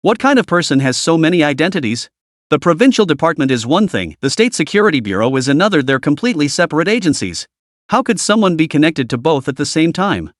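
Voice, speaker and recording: A man's voice: a little high, big pitch swings, quick pace, no echo, studio quality. A man narrating a comic recap story in an emphatic, dramatic scripted style.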